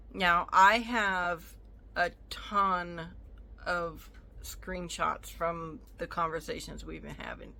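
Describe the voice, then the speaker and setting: A woman's voice: on the low side, pushed and bright. A woman telling a storytime rant to her viewers, indignant and sassy, acting out both sides of an argument. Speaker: vlogger.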